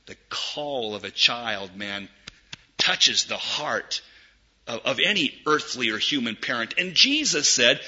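A man preaching a sermon, swinging from loud emphatic peaks to hushed low asides. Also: expressive, slow pace, slightly rough. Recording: dull lo-fi recording.

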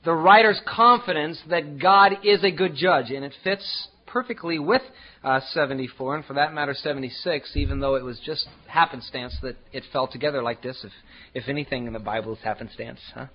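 A man preaching a sermon as pastor, emphatic and repetitive, swinging from loud declarations to hushed asides. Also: fairly high pitch, fairly quick, highs cut off.

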